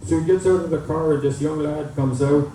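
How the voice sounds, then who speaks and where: Through an echoey PA and a distant microphone, with faint noise, a man emcees a community event and tells folksy jokes peppered with uhs. He speaks fairly quickly in a higher voice with fairly even intonation.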